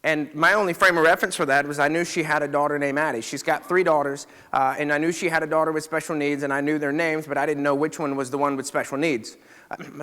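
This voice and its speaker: A man's voice: fairly high pitch, pushed and bright, in a large hall. A middle-aged man, a chiropractor, telling a story to a live audience in a conversational way, often checking in with his listeners.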